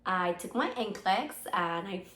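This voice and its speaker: Hoarse woman, sick, rambling podcast chat, fillers, roomy sound. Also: medium pitch, animated, measured pace, pushed and bright. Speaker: podcast co-host. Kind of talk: casual chat.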